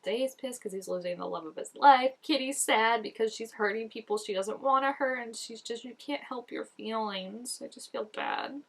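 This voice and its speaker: A woman's voice: a little high, animated, moderate pace, a bit bright. A young woman hosting a casual reaction video, chatting emotionally and talking back to the screen.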